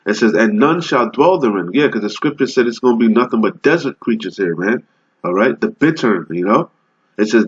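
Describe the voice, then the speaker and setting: A man teaching from scripture, reading verses slowly and explaining them in casual talk, checking in with "all right?" after almost every line. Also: lowish voice, animated, slightly rough. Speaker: bible teacher. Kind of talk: street-style scripture teaching. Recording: dull lo-fi recording.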